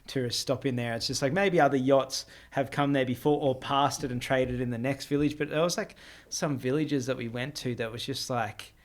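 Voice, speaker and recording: A man's voice: medium pitch, steady tone, normal speed. A man hosting a podcast, talking in a casual, reflective way with many fillers. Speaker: podcast host. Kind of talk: casual conversational interview.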